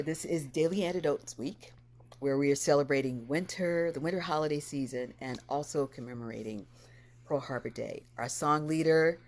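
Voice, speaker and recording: A woman's voice: very deep voice, a little mellow. A woman hosting a livestream over a video call, greeting viewers by name with effusive exclamations. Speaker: host.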